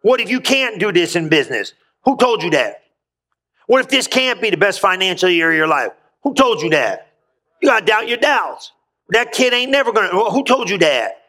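At a moderate pace, a high-pitched preacher rings out with forceful brightness, like a pastor at his church pulpit. His energetic, folksy sermon uses colloquial phrasing, and he repeatedly pushes the room to respond in call-and-response fashion.

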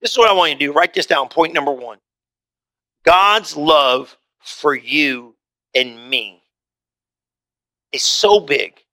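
A middle-aged man preaching a sermon as pastor, impassioned, with repeated phrases and sudden drops to a low, slow voice. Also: bright, forceful tone.

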